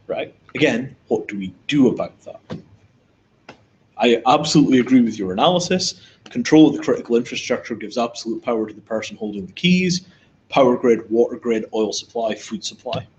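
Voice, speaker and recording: A man's voice: medium pitch, animated, normal speed, a little mellow. A man from Scotland with a Scottish accent, speaking bluntly and emphatically in a casual panel discussion, swearing freely. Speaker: invited speaker. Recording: dull lo-fi audio with faint noise.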